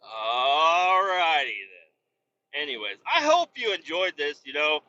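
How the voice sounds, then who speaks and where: A man hosting a podcast, ranting heatedly with constant swearing and bursts of yelling, recorded in the cab of a semi truck while driving. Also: fairly high pitch, very animated, a little slow. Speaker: podcast host. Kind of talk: profane ranting monologue. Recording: dull lo-fi recording.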